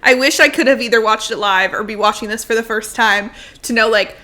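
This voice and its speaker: A young woman co-hosting a podcast, chatting casually and excitedly, swearing freely, laughing often and acting out lines. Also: a little high, a little fast. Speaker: podcast co-host. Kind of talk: casual chat recapping a TV show.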